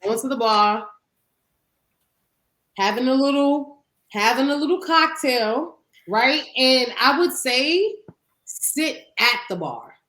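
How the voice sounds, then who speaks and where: A woman co-hosting a podcast, chatting casually in an animated, profane way and laughing often. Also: high voice, takes it slowly, pauses often, echoey room, poor audio. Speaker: podcast co-host. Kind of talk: casual chat.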